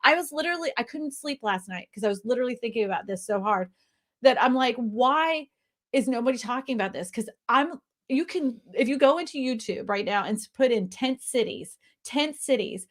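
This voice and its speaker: A woman's voice: on the high side, lively intonation, moderate pace. A woman on a video call, talking passionately and ranting about housing, with frequent laughs. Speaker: real estate agent panelist. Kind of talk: casual panel chat.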